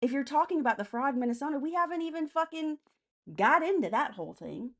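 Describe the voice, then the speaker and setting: A woman's voice: high-pitched, animated, quick pace. A woman hosting a casual political live stream, answering chat comments by name in a blunt, profane way.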